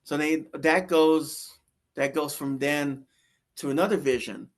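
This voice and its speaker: A man recounts his near-death experience as a guest, in loose, casual storytelling. His voice sits on the higher side for a man. He rambles, circling back with fillers and restarted phrases. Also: steady tone, a little slow.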